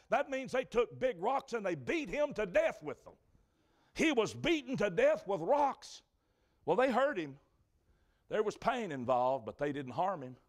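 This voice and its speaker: High-voiced preacher, dramatic and swinging. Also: male voice. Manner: dramatic storytelling preacher, swinging between loud and hushed. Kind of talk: sermon. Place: church.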